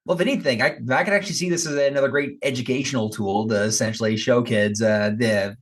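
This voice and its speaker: A man's voice: mid-range voice, fast talker. A man chatting as a podcast guest, rambling a bit with fillers. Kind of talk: casual podcast chat.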